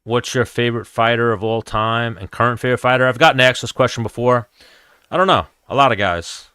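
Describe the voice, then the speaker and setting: A man's voice: medium pitch, brisk, bright, forceful tone, clean tone, dry recording, studio quality. A man, hosting a casual MMA chat stream in a blunt, profane, rambling way. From New York, USA. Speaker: MMA show host answering chat.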